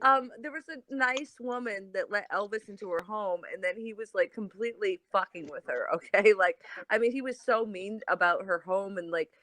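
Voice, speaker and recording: A woman co-hosting a casual gossip chat, telling stories in a giggly, animated way. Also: mid-range voice, normal speed, few pauses. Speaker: co-host.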